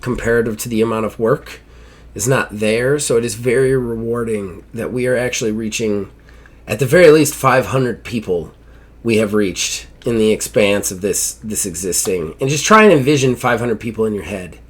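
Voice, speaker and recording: A man's voice: fairly low pitch, moderate pace, husky. A man hosting a gaming podcast in casual, upbeat chat, swearing now and then as he runs through plugs. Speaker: podcast host.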